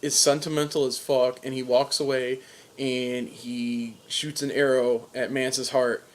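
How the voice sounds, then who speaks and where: A young man in casual podcast chat, retelling scenes with offhand swearing and quick mock quotes. His voice sits at an ordinary middle pitch. The talk is loose and conversational. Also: level tone, a little hiss or hum. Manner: laid-back, profane retelling with mock dialogue. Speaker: podcast co-host.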